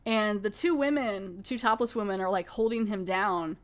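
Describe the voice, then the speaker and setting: Casting: woman podcast host, casual chatty recap, mid pitch, lively storytelling. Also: moderate pace, soft background music. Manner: chatty, animated retelling with quoted voices. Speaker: podcast host reviewing a TV episode.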